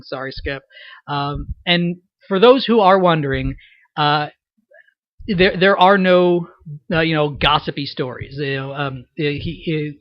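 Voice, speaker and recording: A man's voice: fairly high pitch, no echo, muffled recording. A man in his twenties, a director giving a casual commentary, rambling and upbeat with lots of fillers and restarts. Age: 20s.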